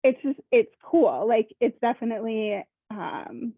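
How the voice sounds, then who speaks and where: A woman's voice: fairly high pitch, sing-song, measured pace, breathy edge, no room sound. A young woman from Minnesota, a workshop participant, talking hesitantly and searching for words with lots of "like". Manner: hesitant, searching, heavy use of "like". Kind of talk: casual personal sharing. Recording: tinny phone-like call audio.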